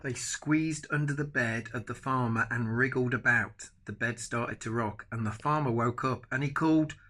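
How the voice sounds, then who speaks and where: An older man, a grandfather, reading a picture book aloud to his grandchildren with animated asides. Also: medium pitch, normal speed. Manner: animated, adds chatty asides to the children. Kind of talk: bedtime storybook reading.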